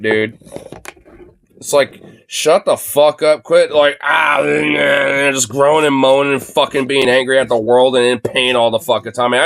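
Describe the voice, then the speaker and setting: A man's voice: medium pitch, no room sound. A man in his late twenties livestreaming an angry, profane rant into a phone, packed with fillers like "you know" and "dude". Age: late 20s. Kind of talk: angry ranting monologue.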